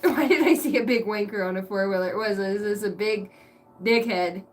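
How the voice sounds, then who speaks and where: With slight background noise behind her, a tarot reader with a mid-range voice speaks at a moderate pace. The casual reading is crude and giggly, with plenty of swearing and laughter.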